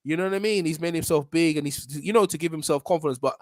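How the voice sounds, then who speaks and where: Animated man on a livestream. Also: a little high, fast talker, no room sound. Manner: animated, slangy, repeats himself. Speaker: boxing livestream host. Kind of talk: casual livestream commentary.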